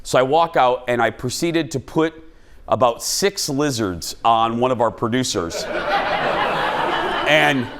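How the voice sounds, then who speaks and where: A man's voice: medium pitch, takes it slowly, long pauses, crowd noise. A man hosting a comedic talk show in a TV studio, telling self-deprecating stories and jokes to a live audience. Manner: jokey, animated, self-deprecating storyteller. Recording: studio audience and background noise.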